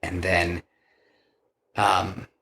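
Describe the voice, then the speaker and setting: Slow, low-voiced man retelling a plot. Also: level tone, vocal fry, sharp tone. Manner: rambling, with many fillers and restarts. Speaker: podcast co-host pitching a film plot. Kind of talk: casual chat, retelling a story.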